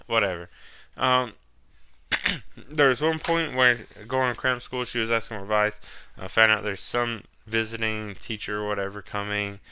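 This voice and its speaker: A man's voice: lowish voice, sharp tone, clean tone, no echo. A man hosting a solo podcast, rambling casually and swearing as he recaps a film. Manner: rambling, loose and profane, drops into mock quotes. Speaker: podcast host.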